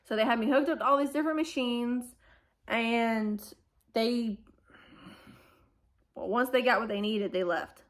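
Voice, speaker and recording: A woman's voice: fairly high pitch, a little slow, pauses often. Woman telling a storytime. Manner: animated retelling, acting out quoted dialogue. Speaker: family vlogger. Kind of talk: storytime recounting a hospital stay.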